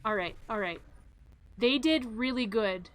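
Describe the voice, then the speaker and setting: A woman streamer in a casual, animated rant, exasperated and laughing between complaints. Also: a little high, unhurried.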